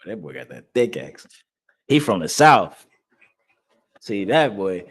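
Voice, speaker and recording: Guy leading a bible breakdown class, keeps repeating himself for emphasis, laughs a lot, mid-pitched voice. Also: big pitch swings, a little slow. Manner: emphatic, repetitive, laughs between points. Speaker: scripture class teacher. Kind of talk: preaching-style scripture lesson.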